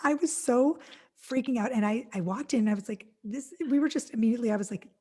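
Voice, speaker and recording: A middle-aged woman hosting a podcast, chatting casually with a guest in a gushing, effusive way, full of quick restarts. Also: on the high side, mellow, slightly rough. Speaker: podcast host. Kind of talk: casual interview chat.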